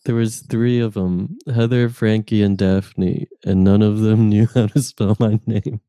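A man co-hosting a comedy podcast over a call, talking slowly in a dry, low-key manner. His voice sounds smooth and mellow. The sound is dry and close. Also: fairly even intonation, no room sound. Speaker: podcast co-host. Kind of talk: casual comedic chat, reading listener messages. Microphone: remote call microphone.

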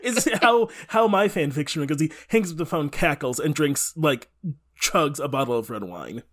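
A woman co-hosts a podcast in casual chat, with a pitch that swings widely. She is animated and swears a lot, often restarting sentences mid-thought. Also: moderate pace. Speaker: podcast co-host.

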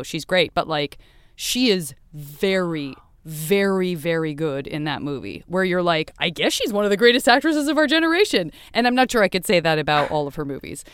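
A woman hosting a podcast interview, chatty and playful, quick to laugh. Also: fairly low pitch, smooth, dry recording. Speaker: podcast host. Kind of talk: casual interview chat.

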